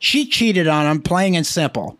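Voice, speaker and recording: A man with a high voice hosts a podcast, riffing through crude, rambling jokes and swearing freely. His talk is loose, casual and quick to veer off. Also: sing-song, a bit bright. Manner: rambling, joking, heavy swearing. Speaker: podcast host. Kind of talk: casual profane banter.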